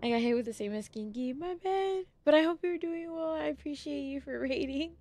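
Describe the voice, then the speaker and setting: A woman's voice: sits high, brisk, darkish tone. A young adult woman streaming a horror game live, easily spooked and swearing, chatting to viewers and thanking them between frights. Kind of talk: casual live gameplay streaming.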